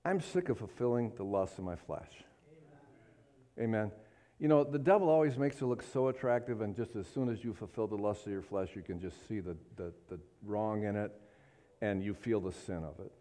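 A man's voice: on the low side, a little fast, dark tone. A man preaching a sermon, emphatic and fervent, often asking the congregation for an amen and rising to impassioned peaks. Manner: emphatic, calls for amens, rises to fervent peaks.

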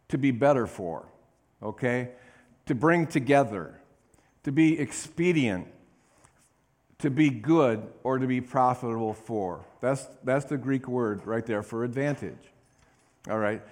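A man's voice: medium pitch, lively intonation, unhurried, pauses often. A male pastor preaching a sermon, reading scripture with emphasis and drawing call-and-response amens from the congregation. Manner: reads scripture aloud with emphasis.

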